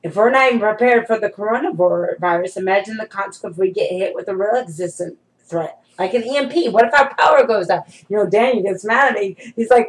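A woman's voice: medium pitch, brisk, few pauses, poor audio. Emphatic middle-aged woman preaching casually. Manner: conversational and emphatic, addresses listeners as saints. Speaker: prophetess preaching to followers. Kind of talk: informal prophetic sermon to camera.

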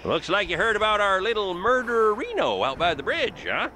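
Goofy hick sheriff in a game, high and bright, super swingy folksy talk. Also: male voice, very animated, moderate pace, slight background noise, heavily acted. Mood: chummy. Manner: folksy drawl, tacks "erino" onto words. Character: folksy small-town male sheriff, jokey, chummy. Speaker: game character.

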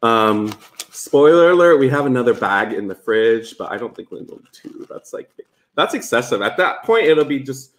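A man co-hosting a live cooking stream from a home kitchen, chatting in a lively, exclamation-filled way. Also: mid-range voice, slight background noise. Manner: chatty and animated, quick exclamations. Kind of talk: casual live-stream chat while cooking.

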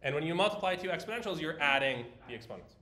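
A man's voice: on the high side, animated, quick pace, bright, forceful tone. Chatty male lecturer in an echoey hall. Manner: chatty and explanatory, with fillers and restarts. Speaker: university lecturer. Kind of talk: casual classroom lecture.

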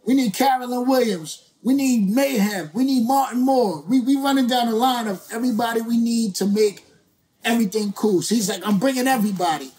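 A male rapper as a guest, telling a story in a lively, slangy, profane way and acting out other people's lines. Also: very high voice, brisk. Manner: slangy, profane, acts out quoted voices. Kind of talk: animated storytelling.

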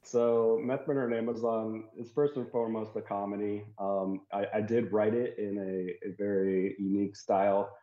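Low mellow man on a phone line. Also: level tone, normal speed, few pauses. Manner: easygoing, chatty storyteller. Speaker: guest author. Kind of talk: casual interview chat. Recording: dull, echoey phone line.

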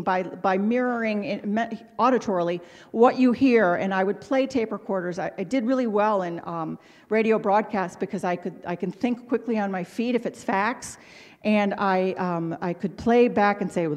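Woman, middle-aged, symposium speaker, animated storytelling, self-deprecating asides, long ballroom reverb. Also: medium pitch. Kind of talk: personal storytelling talk. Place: large ballroom.

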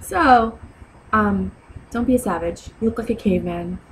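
A woman's voice: mid-range voice, moderate pace, low-quality recording. Woman vlogging, sassy and blunt, lecturing you on manners, bit of faint hiss behind. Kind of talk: casual advice vlog.

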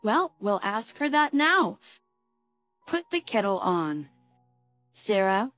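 A woman voicing a protective, gruff elderly grandfather who gives blunt orders, read as a story. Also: mid-range voice, big pitch swings, slow pace, fairly bright tone, soft background music.

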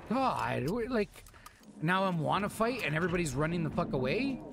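An excitable man narrates his gameplay in a fairly high voice, cursing and yelling at the enemies he fights. Loud gunfire and game sounds pound behind him. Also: moderate pace, gravelly, very noisy. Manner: excitable, swearing, shouts exclamations at enemies. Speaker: gameplay video host. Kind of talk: live gameplay commentary. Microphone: desk microphone. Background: game sounds, gunshots and clicks.

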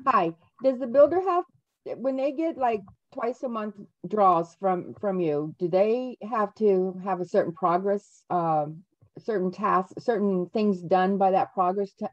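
A woman's voice: medium pitch, measured pace. Woman, audience participant, hesitant questioner; dull, lo-fi audio. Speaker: audience member asking a question. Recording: dull lo-fi sound.

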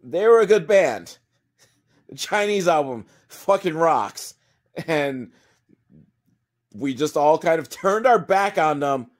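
A man's voice: on the high side, lively intonation, takes it slowly, pauses often. A man giving a rambling, profane and mocking recap of a movie as a comedic reviewer. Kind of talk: sarcastic movie recap monologue.

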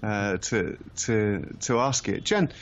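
A man's voice: on the low side, slow. A man co-hosting a radio football phone-in, thinking aloud with many restarts as he gives opinions and asks questions. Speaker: football commentator and co-host. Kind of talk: casual studio chat. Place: radio studio. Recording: slightly dull radio archive sound.

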